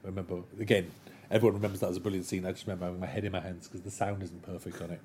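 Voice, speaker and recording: A man chatting as an interview guest, animated and enthusiastic, with rambling anecdotes. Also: sits low, racing, a little hiss or hum. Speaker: guest, television writer. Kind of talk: casual interview chat.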